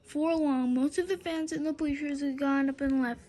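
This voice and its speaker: A woman reading a children's book aloud in a lively storytelling way, often stumbling and restarting her words. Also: high voice, moderate pace.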